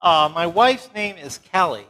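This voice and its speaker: A middle-aged man with a fairly high voice who joins a live chat and spins a family anecdote. He is chatty and amused and takes his time. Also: animated, unhurried, sharp tone, low-quality recording. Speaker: guest speaker. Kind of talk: casual storytelling.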